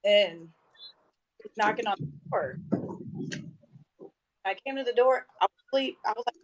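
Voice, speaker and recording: Brief: woman, 30s, casual guest, lively storyteller doing voices in her anecdotes. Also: a little high, a little fast, pauses often, poor audio. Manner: animated, acts out quoted dialogue. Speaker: podcast guest.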